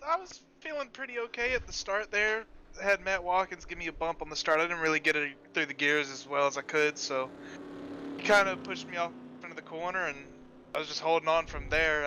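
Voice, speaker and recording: A man answers quick questions from his sim race car, talking fast in a bright voice. He sounds relaxed and plainspoken, with a faint hiss behind him. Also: a little high, low-quality recording. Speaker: sim racing driver. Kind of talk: casual in-race interview.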